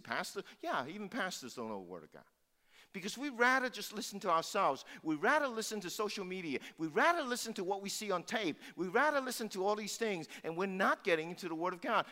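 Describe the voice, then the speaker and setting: Bright, lively preaching man. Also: high-pitched. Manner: emphatic preaching with repeated phrases. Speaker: pastor. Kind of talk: sermon. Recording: long hall reverb.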